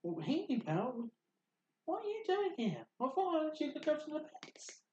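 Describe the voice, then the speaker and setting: A man's voice: very high-pitched, wildly swooping pitch, normal speed, dark tone, highs cut off, voice pushed up, heavily acted. A man voicing a studious female pony princess in a raised, startled, questioning voice. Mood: surprised. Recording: echoey room.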